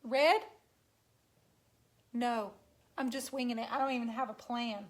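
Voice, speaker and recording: A woman's voice: on the high side, steady tone, a little slow. Chatty woman streaming live from a garage. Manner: chatty, teasing, talks straight to viewers. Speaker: furniture painter streaming live. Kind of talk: casual live-stream chat. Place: home garage.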